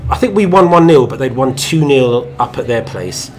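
A man in casual chat, telling lively anecdotes as a podcast co-host. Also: mid-range voice, normal speed. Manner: animated anecdotal storytelling.

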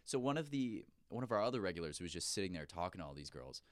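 A young man co-hosting a podcast, telling an animated story full of swearing. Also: low-pitched, racing, no room sound. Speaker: podcast co-host. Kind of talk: casual chat.

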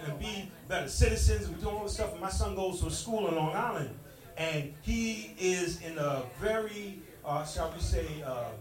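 A middle-aged man performing a stand-up comedy set, punchy and loud, teasing the audience. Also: high-pitched. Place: stage in a club with a live audience. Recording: echoey club, distant mic, crowd noise. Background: audience laughing and clapping.

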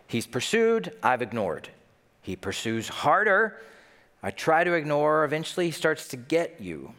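A young man preaches a sermon in a large church hall, his voice rising and falling in lively swings. He tells stories playfully and acts out the voices of the people in them. A long reverb trails behind every phrase. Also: on the high side, unhurried. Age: young adult. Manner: animated, playful storytelling with acted-out voices. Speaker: pastor.

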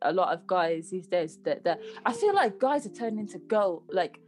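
A woman's voice: fairly low pitch, expressive, normal speed, a little mellow, soft background music. A young woman with a British accent, chatting casually and laughing often as a podcast co-host. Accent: British English. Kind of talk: casual chat.

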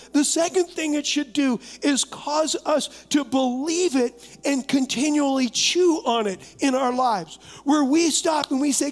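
A male pastor preaching a lively sermon, coaxing the congregation to talk back and acting out imagined doubts. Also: very high-pitched, a little slow, few pauses, in a large hall. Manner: acts out imagined voices and doubts. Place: church sanctuary, live service.

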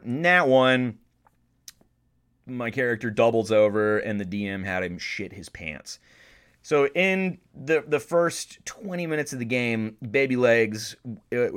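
An American man hosting a podcast, telling stories in a casual comedic monologue, animated and profane, jumping from loud excitement to mumbled asides. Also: fairly low pitch. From United States. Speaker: podcast host.

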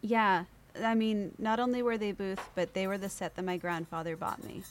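A woman guest on an interview show, telling a story in a lively way, acting out other people's voices and laughing often. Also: medium pitch, normal speed, a little hiss or hum. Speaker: podcast guest.

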